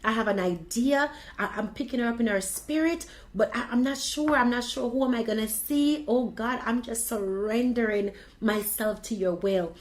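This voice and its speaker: A woman tells a personal story in an animated way, acting out the dialogue. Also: on the high side, moderate pace, hardly any pauses, low-quality recording. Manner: animated, expressive retelling with quoted dialogue. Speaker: video blogger.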